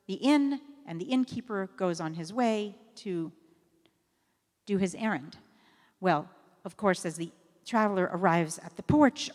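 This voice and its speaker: A woman rabbi giving a sermon in a synagogue, telling a story in a conversational way with fillers and self-corrections. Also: mid-range voice. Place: synagogue sanctuary. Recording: long reverb of a sanctuary.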